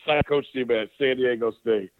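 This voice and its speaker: A man's voice: medium pitch, normal speed, no room sound. A man co-hosts a sports podcast over a tinny, phone-like line with no room sound at all. He chats loosely, stumbling and laughing through his stories. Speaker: podcast co-host. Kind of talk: casual sports chat.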